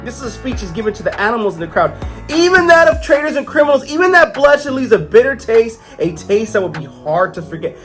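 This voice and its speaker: A pompous bull who rules a castle of animals, put on by a comic reviewer reading aloud. He speechifies in a put-on accent, louder and higher than the reader's own voice. His tone swoops a lot, with faint music underneath. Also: big pitch swings, a little fast. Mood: grandiose. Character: pompous male bull president, scheming tyrant.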